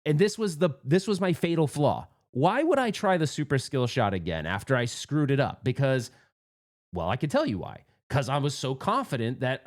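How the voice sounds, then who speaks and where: A man telling a rambling, excitable story about a pinball tournament, restarting often and working himself up. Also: on the high side, normal speed. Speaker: pinball vlogger. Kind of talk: casual storytelling monologue.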